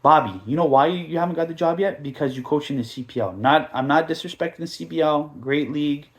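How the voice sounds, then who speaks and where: A man hosting a casual soccer podcast, talking in an animated, mocking, rambling way, full of asides and mimicked quotes. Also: fairly high pitch, quick pace. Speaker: podcast host.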